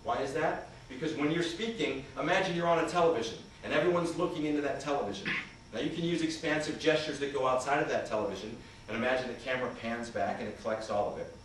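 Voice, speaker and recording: Speaking fast and with hardly any pauses, this man has a mid-range voice. He's a communication trainer running an interactive seminar in a big conference hall and quizzing the audience. The hall echoes, he sits far from the microphone, and there's a little noise.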